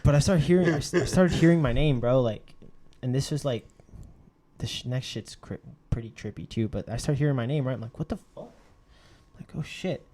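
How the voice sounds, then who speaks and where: A man co-hosting a casual podcast, telling a ghost story in an animated way, swearing freely and acting out what people said. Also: medium pitch, a little fast. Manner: animated, swears a lot, acts out quotes. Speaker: podcast co-host.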